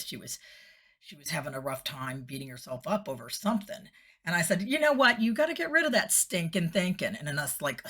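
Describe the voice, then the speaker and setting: A woman's voice: deep voice, sharp tone, slightly rough. A middle-aged woman, a former TV host, chatting casually in a personal vlog, laughing often and slipping into whispery voices when quoting.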